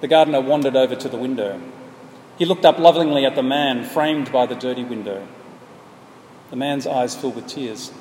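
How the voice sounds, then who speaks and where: A man telling a story as a sermon, speaking earnestly and at a measured pace. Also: mid-range voice, darkish tone. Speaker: preacher. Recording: echoey hall, faint background noise.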